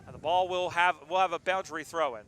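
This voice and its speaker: A man calling an amateur football game live, joking between plays and getting excited on big moments. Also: a little high, quick pace, a little hiss or hum. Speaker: play-by-play commentator. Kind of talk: live sports commentary.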